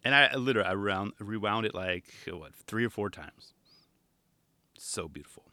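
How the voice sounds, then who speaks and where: On the low side and sharp in tone, this man's animated voice moves at a moderate pace as he casually riffs on a skate video for his garage podcast. He drifts along in a relaxed way and acts out quoted voices. The studio-mic recording is dry.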